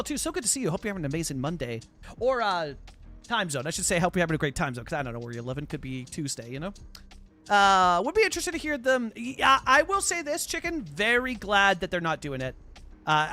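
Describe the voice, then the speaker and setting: A man live streaming, chatting casually with his viewers in an excited, rambling way, full of restarts and fillers. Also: high voice. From Canada. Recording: faint music behind the voice.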